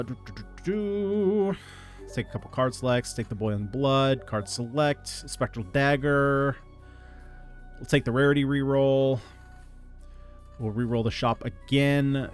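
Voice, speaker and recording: A man giving casual gameplay commentary, reading out item picks in a relaxed running patter. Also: medium pitch. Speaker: gaming video creator.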